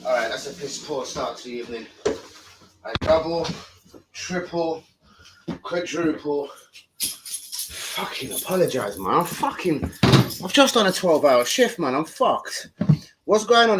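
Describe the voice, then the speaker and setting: A man's voice: a little high, expressive, moderate pace, very noisy. A young man, swearing and rambling in casual slang as he chats on a live stream from home into his phone. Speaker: football fan streamer.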